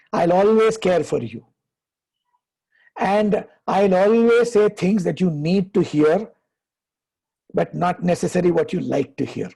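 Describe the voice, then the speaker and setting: A man, a happiness coach giving advice and telling stories in a deliberate way, slowing down for emphasis. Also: high voice, vocal fry, mellow, slightly rough. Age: 50s. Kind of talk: conversational advice, storytelling.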